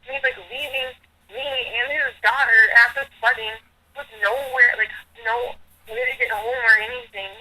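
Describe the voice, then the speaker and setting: Very bright-voiced young woman rambling. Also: on the high side, fairly even intonation, moderate pace, slight background noise, low-quality recording. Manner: rambling, fills nearly every phrase with "like". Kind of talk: recounting a personal story.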